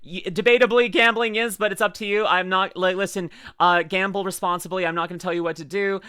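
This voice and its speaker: A bright-toned streamer rambles through a reaction video, excitable and full of fillers. The mic is close and dry, with no room sound at all. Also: medium pitch, fast, clear, resonant tone, no echo. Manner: rambling, excitable, lots of "like" and laughter. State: tearing up. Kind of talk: casual reaction commentary.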